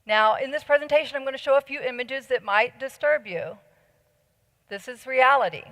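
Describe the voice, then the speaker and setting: Earnest middle-aged woman speaker, slightly high-pitched, with reverb from a large hall. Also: moderate pace, fairly bright tone. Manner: earnest, persuasive, asks the audience questions. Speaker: conference speaker. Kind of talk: conference talk.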